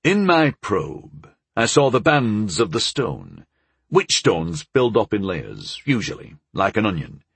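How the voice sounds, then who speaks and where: A wise old hedge mage, as a male reader puts him on, deep and unhurried, each word set down slowly and gravely. His husky voice sits low. The sound is dry and close, with no room around it. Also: huge pitch swings, a bit bright, dry recording, heavily acted. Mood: calm. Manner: slow, measured and low.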